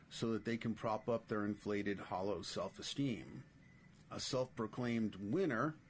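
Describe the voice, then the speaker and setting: Podcast host reading his own essays, male, mid-range voice, measured and pointed. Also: medium pitch, slight background noise. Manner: measured, pointed critical commentary. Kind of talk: reading his essays aloud with spoken asides.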